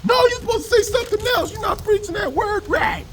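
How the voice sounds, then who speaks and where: A man putting on the voice of an indignant woman critic who scolds him, in a high mocking shout. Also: brisk, slight background noise.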